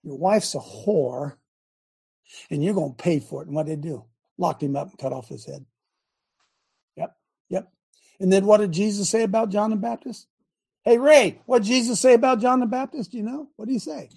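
Man, fiery preacher-coach, high voice, gravelly, husky, repeats lines, shouts now and then. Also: brisk, pauses often. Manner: loud, preachy, repeats himself, shouts at times. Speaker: host and coach.

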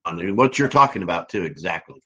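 A man's voice: low-pitched, lively intonation, fairly quick, pushed and bright, muffled recording. A man in an online group who eagerly adds a suggestion to the talk. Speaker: group member.

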